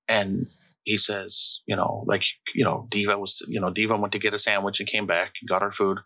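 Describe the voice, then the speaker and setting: A man co-hosting a podcast, telling stories in a casual, animated way and acting out the quotes. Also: lowish voice, fairly quick, no room sound, rough recording. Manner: animated storyteller, acts out quotes. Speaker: podcast co-host.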